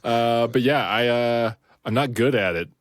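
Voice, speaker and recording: A man with a mid-range voice speaks at a measured pace in a clean studio recording with no room sound. He's co-hosting a podcast, chatting casually and rambling, full of fillers and restarts.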